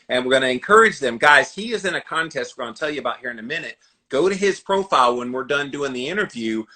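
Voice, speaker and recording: A Southern US man in his forties hosts a casual podcast interview. His voice is bright and forceful, and he talks fast with excitable chatter. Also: medium pitch. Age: 40s. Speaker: podcast host.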